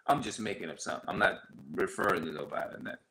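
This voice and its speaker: A man with a fairly low voice talks in a loose, casual monologue. He circles back over his points and keeps asking whether you follow. When he quotes other people, his voice jumps sharply higher. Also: very fast, pushed and bright, poor audio. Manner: repetitive, conversational, often asks "you see what I'm saying". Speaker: vlogger.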